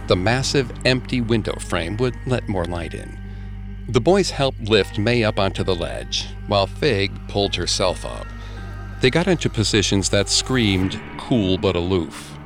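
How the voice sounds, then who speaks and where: A man narrating a scripted ghost story with a dramatic, expressive delivery. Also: fairly low pitch.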